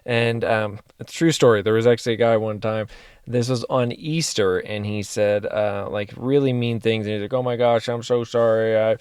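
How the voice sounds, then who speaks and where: A man's voice: lowish voice, fairly even intonation, normal speed, darkish tone, clean tone, no echo, studio quality. A man coaching his listeners in a motivational monologue, speaking directly and earnestly and repeating phrases for emphasis. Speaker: life coach and mentor.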